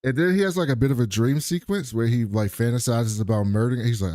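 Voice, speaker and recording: A man's voice: medium pitch, fast, few pauses, a little mellow, no echo, clean studio sound. A man co-hosting a podcast, casually and animatedly retelling a TV episode, often laughing. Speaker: podcast co-host. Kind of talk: casual TV recap chat.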